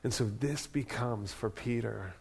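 A man preaching to a church in a relaxed, conversational style. His voice sits in an ordinary middle pitch, and he talks animatedly with the crowd, dropping in casual asides. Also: unhurried, gravelly, slightly rough. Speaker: pastor. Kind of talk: sermon.

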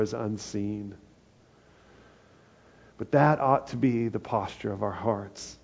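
A man's voice: on the low side, steady tone, unhurried, long pauses, a little mellow, dull audio. A man preaching a sermon as pastor, earnest and building to emphatic peaks.

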